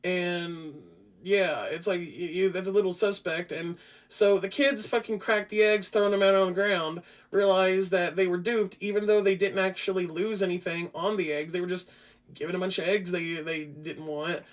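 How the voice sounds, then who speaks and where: Brief: high-pitched male podcast host, swears constantly, rambles through a casual film review. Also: moderate pace. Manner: profane, rambling, frequent restarts; grows loud and animated.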